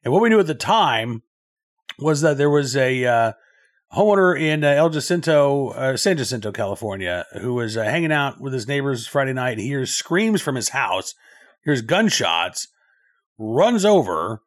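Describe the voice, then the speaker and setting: A man hosting a news commentary show, talking things through in a loose, conversational way with frequent filler pauses. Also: medium pitch, big pitch swings.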